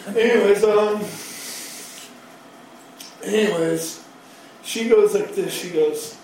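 This is personal storytelling from a man in his thirties who recounts his recovery in a rambling, self-mocking way full of profanity. He speaks slowly in a high-sitting, slightly mellow voice. The recording has a little hiss or hum and was captured from a distance in a hall with lots of echo.

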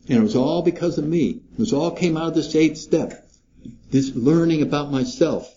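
A man's voice: fairly high pitch, moderate pace, dark tone, lo-fi sound, a little hiss or hum. An older man speaking at a recovery meeting, telling a personal story and acting out both sides of his own inner dialogue.

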